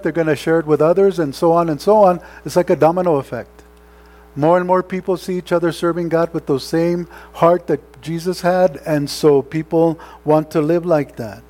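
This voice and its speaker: A pastor with a fairly high, slightly mellow voice preaches a sermon earnestly and conversationally. He exhorts his listeners, often checking in with rhetorical questions.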